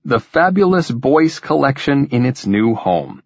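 A man voicing an easygoing, teasing husband with relaxed, dry humor. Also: mid-range voice, unhurried, dull audio, voice pushed up.

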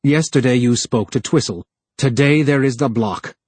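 A male narrator voicing a plump, scheming male official who sneers and then pleads in a higher voice. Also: moderate pace, darkish tone, husky, dry recording, lightly acted. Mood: scornful.

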